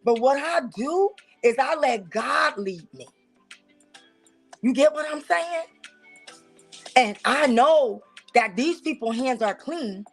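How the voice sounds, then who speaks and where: Woman, Southern US accent, high voice, animated, preachy, teasing, talk show host, faint music behind. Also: takes it slowly, pauses often. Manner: animated, preachy and teasing, talks straight to viewers. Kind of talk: casual commentary on church life.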